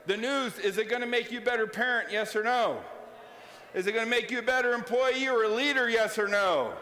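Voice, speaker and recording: A man giving an energetic motivational keynote, calling out questions to the audience and leading exercises. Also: very high voice. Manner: energetic, calls out to the audience, asks quick questions. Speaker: keynote speaker. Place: large event hall. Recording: roomy hall sound, faint ambience.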